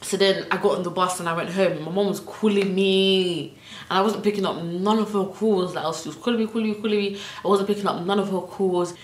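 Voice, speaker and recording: A woman's voice: medium pitch, fairly even intonation, fairly quick, echoey room. Chatty young woman. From South London. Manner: chatty, lots of fillers, acts out quotes. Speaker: vlogger. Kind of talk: casual storytime.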